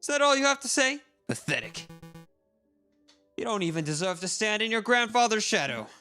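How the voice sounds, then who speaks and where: Contemptuous rival lawyer voiced by a man, lecturing, lively and bright. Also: high-pitched, fairly quick, soft background music, pitched above the performer's own voice. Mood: scornful. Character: scornful male rival lawyer.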